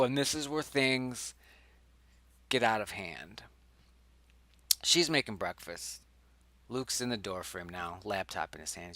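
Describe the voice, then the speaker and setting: A young man reading through his own screenplay in casual think-aloud chat, rambling and correcting himself, sometimes dropping to a hushed whisper. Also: on the low side, animated, slow pace, pauses often, no echo.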